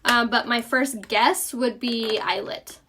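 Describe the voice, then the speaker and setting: A woman's voice: on the high side, steady tone, takes it slowly, bright, forceful tone, a little hiss or hum. Chatty young woman with a Southern lilt. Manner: chatty, upbeat, answers viewer comments. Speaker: makeup tutorial host. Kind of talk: casual live makeup tutorial.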